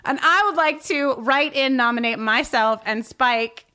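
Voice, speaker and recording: Chatty animated woman podcast co-host. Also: sits high, smooth. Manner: animated, fast, many fillers and laughs. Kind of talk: casual rewatch chat. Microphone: video call.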